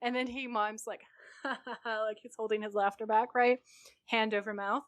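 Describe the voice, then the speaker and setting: A podcast co-host animatedly recaps a TV episode in casual chat, acting out the characters' lines. Her voice is a little high, at normal speed, with no room sound.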